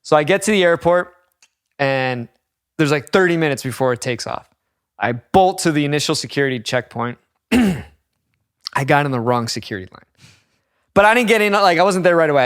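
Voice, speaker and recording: On a casual podcast, a male co-host with a mid-range voice tells an animated story, swearing constantly and acting out the quotes. The sound is clean, echo-free and studio quality.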